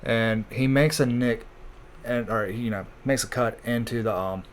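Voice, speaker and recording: A man recapping comic chapters in a loose, rambling way, full of fillers and crude asides. His voice sits at an ordinary middle pitch, with a faint hum in the background. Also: fairly even intonation, a little slow. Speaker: channel host recapping manga. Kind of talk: casual recap.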